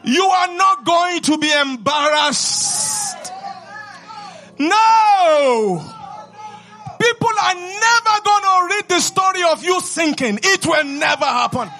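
A man preaching a sermon in church as pastor, shouting fervently to the congregation. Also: very high-pitched, sing-song, takes it slowly, slight background noise.

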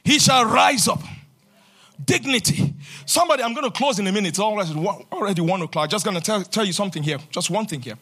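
A man preaching a fervent sermon in church, swinging between loud shouted declarations and quieter talk. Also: high-pitched, animated, fast, slightly rough. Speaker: pastor.

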